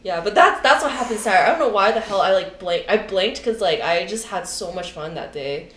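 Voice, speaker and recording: A woman's voice: medium pitch, lively intonation, brisk, fairly bright tone. A young woman co-hosting a podcast, chatting casually with many fillers and retelling what friends said. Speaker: podcast co-host. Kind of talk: casual chat. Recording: echoey room, faint noise.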